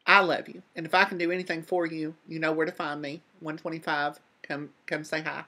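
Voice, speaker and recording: Vlog host giving heartfelt advice to a viewer, earnest and comforting, near tears, mid pitch. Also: level tone, a little fast, fairly bright tone. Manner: earnest, comforting, repeats phrases. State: close to tears.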